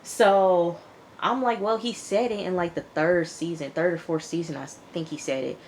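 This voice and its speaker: A woman casually recapping a TV episode, chatty and animated, acting out the characters' lines as she tells it. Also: fairly low pitch, normal speed, slight background noise. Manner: chatty, animated retelling with quoted dialogue. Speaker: TV show reviewer.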